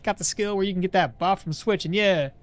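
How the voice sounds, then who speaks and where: A man streaming a game live, chatty and excitable, explaining his build and answering his chat. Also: sits high, a little fast. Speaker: gaming streamer. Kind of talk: live gameplay commentary.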